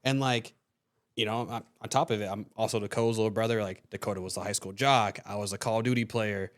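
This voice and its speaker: A man's voice: lowish voice, steady tone, fast talker. A young man hosting a podcast, telling a story in casual chat, swearing freely and acting out the voices of people he quotes. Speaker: podcast host.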